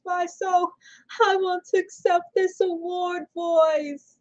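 A woman's voice: very high-pitched, level tone, takes it slowly, muffled recording. A woman talking in a casual comedic vlog, playful and giggly. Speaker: vlogger.

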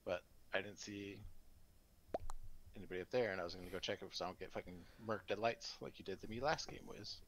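A man's voice: low voice, fairly quick, a bit bright, slight background noise, rough recording. A man playing an online party game, explaining where he went in casual voice chat, with lots of fillers. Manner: explains his moves with many fillers.

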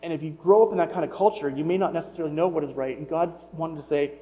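A man's voice: fairly high pitch, rapid-fire, hardly any pauses. A middle-aged man giving a sermon in a conversational way, often restarting and wondering aloud. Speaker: pastor. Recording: muffled sound with long hall reverb.

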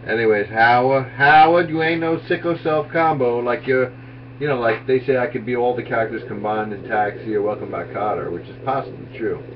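A man's voice: mid-range voice, brisk. A man giving a rambling, offhand comedic tribute who keeps losing his thread. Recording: distant, dull lo-fi with faint hiss.

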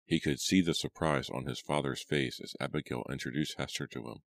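एक आदमी, बहुत गहरी आवाज़ में ऑडियोबुक सुनाता हुआ, सूखी, बिना गूँज की रिकॉर्डिंग।. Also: male voice, extremely low pitch, no room sound. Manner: steady, measured storytelling. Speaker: audiobook narrator. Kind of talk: scripted narration.

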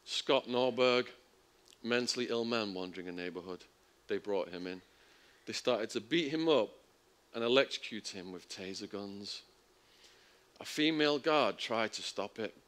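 Low-voiced man telling a story. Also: normal speed, a bit bright. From England. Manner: vivid storytelling, acting out the quoted voices with big jumps in pitch and volume. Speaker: speaker at a public talk. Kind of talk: storytelling talk.

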